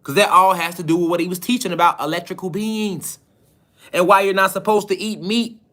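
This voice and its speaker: A man with a fairly high-pitched voice delivers a spiritual lecture to an online audience. He talks insistently and keeps throwing rhetorical questions at his listeners, pressing them to see his point. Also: fairly even intonation, a little fast, bright, forceful tone. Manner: emphatic, insistent.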